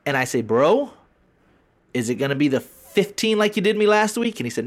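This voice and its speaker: Animated ranting man, lively pitch. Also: normal speed. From Texas. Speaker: podcast co-host. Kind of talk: casual podcast banter. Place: home podcast room.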